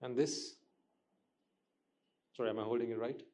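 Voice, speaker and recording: A man's voice: mid-range voice, fairly even intonation, normal speed, dark tone. Man, Buddhist teacher, dharma talk, emphatic, repeats himself, questioning.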